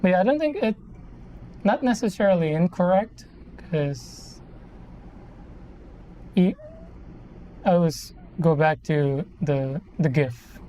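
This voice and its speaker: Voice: medium pitch, lively intonation, slow pace, pauses often, warm tone, slight background noise. A person in their thirties from the Philippines, chatting casually on a live stream in a rambling, self-correcting way. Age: 30s. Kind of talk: casual live-stream chat while building a model kit.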